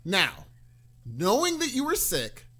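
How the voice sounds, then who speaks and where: A man co-hosting a casual podcast chat, playful and animated. His voice sits fairly high for a man and swings widely in pitch as he tests his theories on his co-host. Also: slow. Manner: animated, playful, acts out little quotes.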